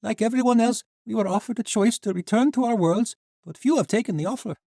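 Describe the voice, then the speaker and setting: A man's voice: sits high, fast, creaky, warm tone, no room sound, clean studio sound, voice pushed up. A man voicing a weary woman refugee who speaks earnestly.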